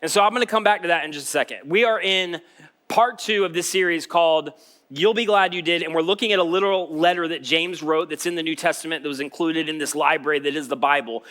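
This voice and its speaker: A man's voice: on the high side, quick pace, a bit bright. A man preaching a sermon as pastor, telling a story in a casual, joking way. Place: church stage.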